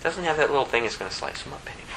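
A man's voice: animated, rapid-fire, vocal fry, noisy background. A man preaching a sermon, his voice rising sharply when he gets emphatic. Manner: impassioned, pitch climbing sharply when emphatic.

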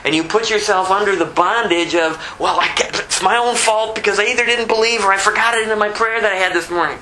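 Bright-voiced older man preaching informally. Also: high-pitched, quick pace, a little hiss or hum, low-quality recording. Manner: conversational, animated, with rhetorical questions. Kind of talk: informal sermon.

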